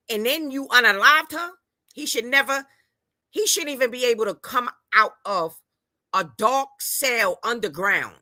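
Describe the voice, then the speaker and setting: With a sharp tone and medium pitch, a woman hosts a casual livestream, greeting viewers by name and repeating words to stress her points. The recording is dry.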